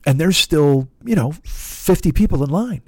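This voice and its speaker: A man's voice: on the high side, animated, normal speed, darkish tone, husky, no room sound, clean studio sound. A man hosting a podcast, telling a frustrating story in a casual monologue, swearing often and acting out both sides of the conversation. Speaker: podcast host.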